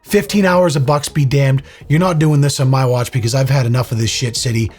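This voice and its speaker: A man hosting a reaction commentary, blunt and profane, his voice hoarse and fading. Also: medium pitch, fairly even intonation, brisk, darkish tone, faint music behind. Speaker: commentary host.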